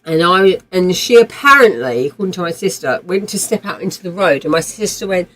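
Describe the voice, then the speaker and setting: A woman's voice: fairly low pitch, animated, fairly quick, a bit bright, rough recording. A woman, streaming a game while telling a vivid personal story in a rambling way, with swearing and frequent restarts. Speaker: livestream gamer.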